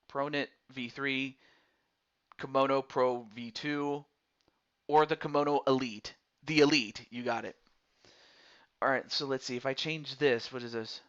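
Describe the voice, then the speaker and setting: A chatty man narrates a video game's character creator, reading out options and confirming a viewer's picks. His voice sits a little high and sounds bright. The recording is dull and lo-fi. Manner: chatty, talks through menu choices aloud. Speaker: streamer. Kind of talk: casual game commentary.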